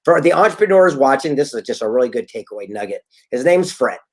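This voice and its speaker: Animated storytelling man. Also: medium pitch, fast, slightly rough. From Southern California. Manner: animated storyteller, acts out quotes. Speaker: guest author and speaker. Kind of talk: casual interview storytelling.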